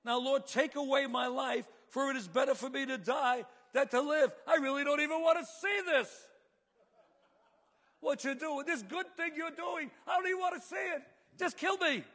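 A man voicing a melodramatic prophet who whines and despairs, with a husky voice in a reverberant hall. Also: very high-pitched, steady tone, moderate pace, few pauses, fairly bright tone, pitched above the performer's own voice. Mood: exasperated. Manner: whiny, exaggerated complaining. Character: sulky, melodramatic male prophet, quick to despair.

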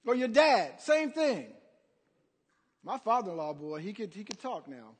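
A male preacher delivering an animated sermon, calling out to the congregation. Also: high-pitched, unhurried, slightly rough. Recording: long hall reverb.

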